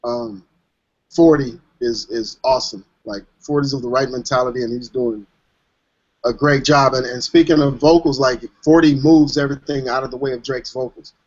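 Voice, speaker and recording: A man hosting online hangouts, chatting and telling animated stories over a video call. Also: medium pitch, normal speed. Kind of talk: casual chat. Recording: dull lo-fi online call audio.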